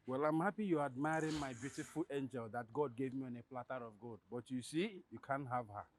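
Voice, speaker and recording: A man's voice: mid-range voice, a little fast, slight background noise, close to an everyday voice. An actor playing a possessive man warning off a rival, mocking and menacing.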